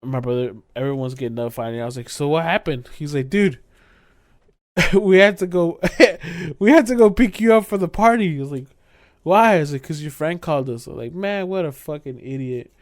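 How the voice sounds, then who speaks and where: A man's voice: a little high, a little fast, no echo, studio quality. A young man co-hosting a podcast, telling a drunk story in casual chat, swearing often and acting out the quotes with bursts of laughter. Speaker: podcast co-host.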